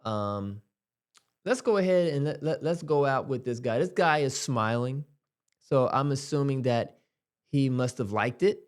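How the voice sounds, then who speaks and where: A man hosting a casual reaction commentary, unhurried and drawn out. His pitch swings widely as he rambles with exasperation, full of fillers and repeats. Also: animated. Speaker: host.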